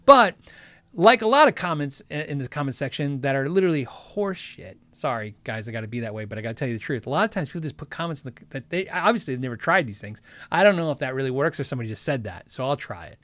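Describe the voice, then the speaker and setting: A man's voice: medium pitch, expressive, fast, fairly bright tone, no echo. A man hosting a guitar gear livestream, chatting casually and rambling through viewer questions with jokes and self-interruptions. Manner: rambling, chatty, frequently sidetracked. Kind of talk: casual chat answering live chat.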